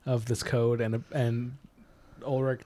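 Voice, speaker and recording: A man's voice: medium pitch, flat delivery, slow pace, warm tone. A man co-hosting a casual book discussion podcast, laughing often and acting out characters' lines. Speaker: podcast co-host.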